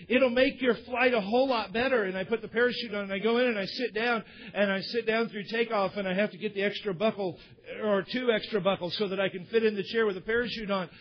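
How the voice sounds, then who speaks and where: A man's voice: sits high, steady tone, fast. A male pastor preaching a sermon, telling stories with candid, conversational asides to his congregation, on a dull lo-fi recording. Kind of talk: sermon with storytelling. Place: church service.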